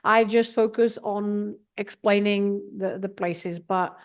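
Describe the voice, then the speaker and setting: A woman's voice: mid-range voice, fairly even intonation, slow, smooth. A Portuguese woman speaking English with a Portuguese accent as a guest presenter, explaining things in a hesitant way with frequent restarts. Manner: hesitant, with restarts and light laughter. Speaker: language and culture guest presenter. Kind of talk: casual live-stream chat.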